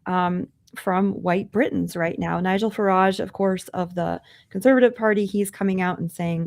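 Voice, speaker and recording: Woman on a podcast walking through a news story, mid pitch, earnest chatty commentary. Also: fairly even intonation, moderate pace. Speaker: podcast co-host.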